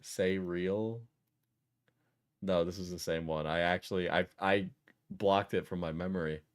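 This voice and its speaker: A man's voice: low-pitched, steady tone, a little slow, no echo, studio quality. A young man from New England giving casual reaction commentary as a streamer, blunt and rambling, swearing often.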